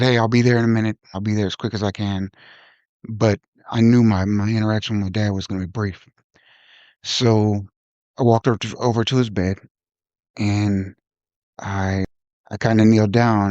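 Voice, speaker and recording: A man with a fairly low voice tells a personal story on his podcast. He speaks reflectively, pausing and restarting his sentences. The recording is dry and a little dull. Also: a little mellow, dry recording. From Ohio. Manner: reflective, halting with frequent restarts. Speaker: podcast host.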